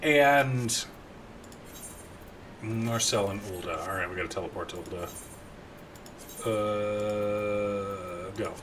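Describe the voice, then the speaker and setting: A man live streaming a game, chatting casually and animatedly with his viewers between quick asides. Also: on the low side, background noise. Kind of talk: casual live-stream chat while gaming.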